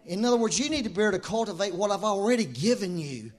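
A man preaching a sermon in a conversational, animated way, with asides and laughs. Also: high-pitched, fast talker.

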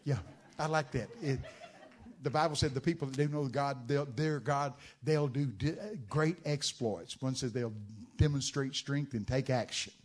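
A man preaching a sermon, telling Bible stories with dramatic shouted outbursts. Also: medium pitch, moderate pace. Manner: dramatic storytelling, bursts into loud shouted quotes.

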